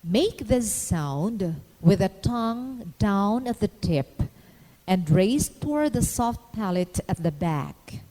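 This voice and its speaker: A woman narrating a scripted phonetics lesson in a measured, instructional way, pausing to demonstrate each sound. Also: medium pitch, expressive, mellow, big-room sound, rough recording. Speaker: phonetics teacher.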